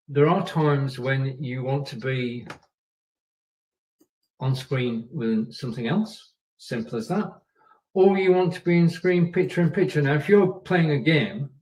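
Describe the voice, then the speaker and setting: A man hosts a live stream and coaches his viewers in a chatty, repetitive way, dropping in "yeah" and "okay" as he goes. His voice sits at an ordinary pitch and sounds a little distant from the microphone. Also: a little mellow. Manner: chatty, repeats points, checks in with "yeah" and "okay". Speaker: live show host. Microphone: camera and microphone.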